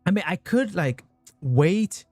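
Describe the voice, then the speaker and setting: A male streamer talks to his chat over a game, swearing constantly and getting excitable in bursts, his pitch leaping around wildly as he reacts. He takes things slowly, the recording has no room sound, and soft game music plays behind him.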